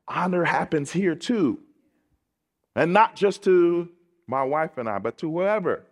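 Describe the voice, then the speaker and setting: A man's voice: fairly high pitch, animated, slow pace, long reverb tail. A male pastor preaching a sermon from the pulpit, emphatic and repeating his phrases, laughing between points. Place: church pulpit.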